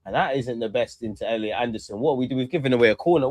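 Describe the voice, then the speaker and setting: A young man giving excitable live commentary on a match, calling out to players and the referee and swearing. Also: medium pitch, very fast, few pauses, dry recording. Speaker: football fan streamer.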